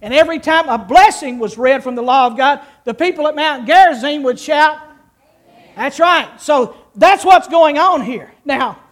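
In a high voice at a moderate pace with few pauses, a preacher reads scripture to a live church congregation. He teaches in a folksy, interactive manner that draws the audience into participating.

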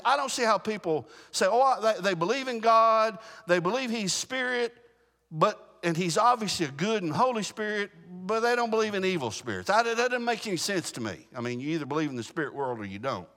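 A male Baptist preacher giving an animated sermon to his congregation. He restarts his words often and keeps asking the room whether they follow him. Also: high-pitched, brisk, big-room sound.

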